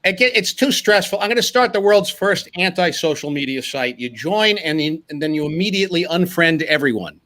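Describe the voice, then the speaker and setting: A man's voice: fairly high pitch, expressive, a little fast, few pauses, fairly bright tone. A man comedian guest on a video chat, joking and mocking himself. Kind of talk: casual chat.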